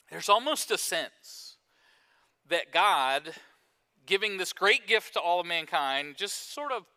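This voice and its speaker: A man's voice: high-pitched, bright, forceful tone. A man preaching a sermon in church, talking conversationally to the congregation and often repeating words as he goes. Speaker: pastor.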